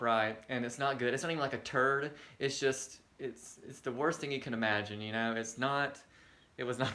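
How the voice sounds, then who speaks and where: A man's voice: medium pitch, pushed and bright. A young man vlogging a rambling, self-deprecating storytime with crude humor. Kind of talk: casual storytime monologue.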